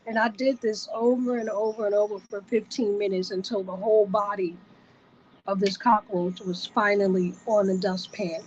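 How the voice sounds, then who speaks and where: A woman's voice: mid-range voice, steady tone, moderate pace, muffled recording, slight background noise. A woman vlogger telling a personal story to the camera, vivid and repetitive in her retelling.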